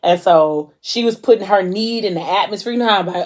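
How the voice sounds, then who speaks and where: A woman's voice: mid-range voice, fairly quick, few pauses. A woman vlogger casually retelling and discussing a novel in a chatty, slangy style full of fillers.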